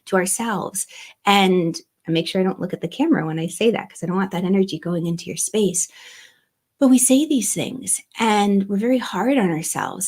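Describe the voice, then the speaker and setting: A woman's voice: medium pitch, expressive, normal speed. A middle-aged woman hosting an astrology livestream, chatty and giggly, greeting viewers by name. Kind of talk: casual livestream talk.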